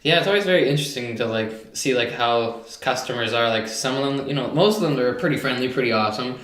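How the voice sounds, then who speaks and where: A man's voice: medium pitch, fast talker. Easygoing young man, echoey room. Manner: relaxed, agreeable, many fillers. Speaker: guest. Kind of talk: casual chat.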